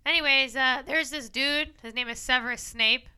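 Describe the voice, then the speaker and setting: Young female podcast co-host, high pitched, bright, playful storyteller. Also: moderate pace, clean tone. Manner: playful, animated storytelling with goofy character voices. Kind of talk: casual podcast chat.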